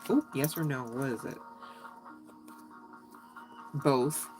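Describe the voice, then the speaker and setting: A woman's voice: rumbling low, slow, music in the background, low-quality recording. A woman giving a casual, chatty tarot reading, giggling often and swearing freely. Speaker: tarot reader.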